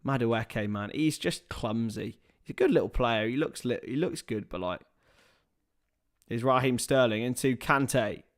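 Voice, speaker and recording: A man keeps a measured pace and medium pitch while hosting a live football watchalong. His stream mixes match commentary with laid-back chat to viewers, full of swearing, "lads," and loud bursts of excitement.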